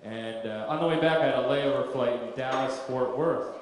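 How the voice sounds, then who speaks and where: A man performing a stand-up comedy set on a club stage, telling stories in a deadpan way with absurd punchlines. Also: medium pitch, moderate pace. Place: comedy club stage before a live audience. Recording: echoey club with crowd laughter. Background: audience laughter.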